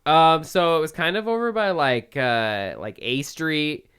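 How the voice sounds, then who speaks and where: A man's voice: fairly high pitch, a little slow, fairly bright tone, clear, resonant tone. A young man co-hosting a podcast, telling a story in a loose, profane, rambling way, full of "like" fillers. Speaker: podcast co-host. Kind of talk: casual storytelling chat.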